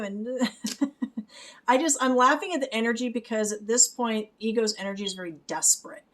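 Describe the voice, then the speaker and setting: A woman's voice: a little high, normal speed. Woman giving a spiritual reaction commentary. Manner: explains softly, adds "okay?" and small laughs. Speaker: spiritual reader.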